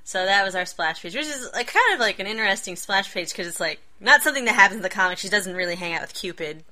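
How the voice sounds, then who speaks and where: Bright-voiced woman chatting about comics. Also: mid-range voice, fast talker. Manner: chatty, giggly, animated retelling with put-on quotes. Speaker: podcast co-host reviewing comics. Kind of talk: casual chat.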